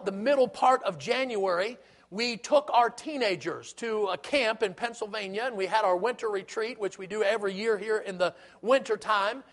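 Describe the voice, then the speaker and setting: High-voiced man preaching. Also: a bit bright. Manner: earnest preaching with rhetorical questions and repetition. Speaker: pastor. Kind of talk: sermon.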